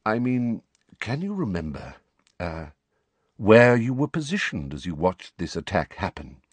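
A man reading aloud and voicing an old male headmaster wizard who speaks quietly, calmly and in measured tones. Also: lowish voice, dry recording.

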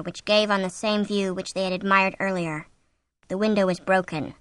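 Bright, dry-voiced woman narrator. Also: medium pitch, dry recording. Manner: expressive, suspenseful reading. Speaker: audiobook narrator. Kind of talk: scripted narration of a horror novel.

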